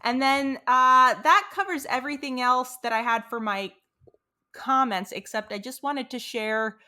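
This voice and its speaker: A young woman co-hosts a casual podcast, talking through a cartoon episode and reading quotes from her notes. Her voice is bright and a bit high. She sounds chatty and easygoing. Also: unhurried. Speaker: podcast co-host.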